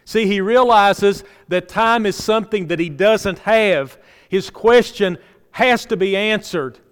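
A man preaching a sermon to his congregation in earnest tones, repeating phrases for emphasis and dropping soft and low at the ends of lines. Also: measured pace, smooth. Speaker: pastor. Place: church sanctuary. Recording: long hall reverb.

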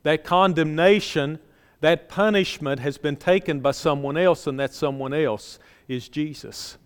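A man preaching a sermon to his congregation in earnest tones, repeating phrases for emphasis and dropping soft and low at the ends of lines. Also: a little slow, clean tone. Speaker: pastor. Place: church sanctuary. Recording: long hall reverb.

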